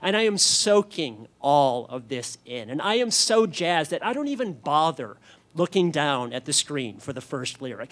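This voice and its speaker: Man, 30s, live stage storyteller, slightly high voice, comic, animated bursts. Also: normal speed. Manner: animated, comic delivery with sudden loud peaks. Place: on stage at a club.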